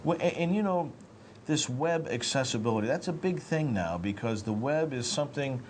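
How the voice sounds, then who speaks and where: A man's voice: mid-range voice, lively intonation, moderate pace, a little hiss or hum. A man hosting a local talk show, asking questions and prompting his guest in an affable way. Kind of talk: casual talk show interview.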